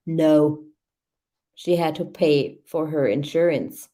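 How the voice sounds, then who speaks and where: A woman who hosts a true crime channel reads a case timeline aloud, adding hesitant comments packed with fillers. Her voice sits low and has a dark tone, and she takes it slowly.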